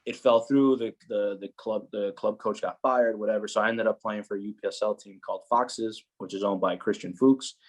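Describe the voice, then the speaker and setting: A young man telling stories as a guest on a podcast. He talks casually and with lively energy, leans on filler words, and slips into the voices of the people he quotes. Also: on the low side, a little fast, hardly any pauses. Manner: animated, many filler "like"s, acts out quoted voices. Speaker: guest, footballer. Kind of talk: casual storytelling chat.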